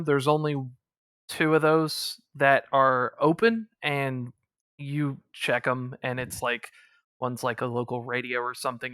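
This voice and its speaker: A man narrates a tabletop session as game master, talking loosely with plenty of fillers. His voice is bright and crisp, recorded close and dry with no room sound. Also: mid-range voice, no room sound. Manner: casual, filler-heavy explaining.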